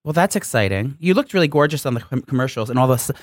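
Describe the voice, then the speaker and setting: A man co-hosting a chatty podcast in a campy, teasing manner, putting on mock airs. His voice sits at a middling pitch. The sound is dry and close, with no room around it. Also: expressive, racing, dry recording. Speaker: podcast co-host. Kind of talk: casual chat. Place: studio.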